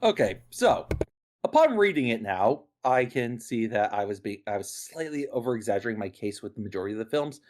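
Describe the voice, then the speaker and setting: A podcast guest and critic reading a prepared explanation, earnest and lively, correcting themself now and then. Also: mid-range voice, fairly quick.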